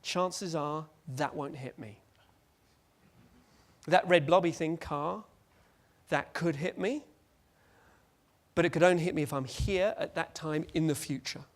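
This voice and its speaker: A man giving a lively, joking conference presentation and acting out little scenes. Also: on the high side, unhurried, pauses often. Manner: animated, jokey, acts out scenes. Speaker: conference speaker.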